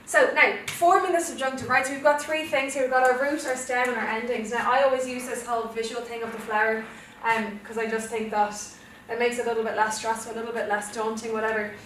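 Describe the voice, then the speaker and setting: A woman's voice: on the high side, steady tone, quick pace, hardly any pauses, fairly bright tone. A young Irish woman teaching a Spanish revision lesson, explaining step by step and often checking "okay?". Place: classroom. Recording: echoey classroom from far off, faint noise.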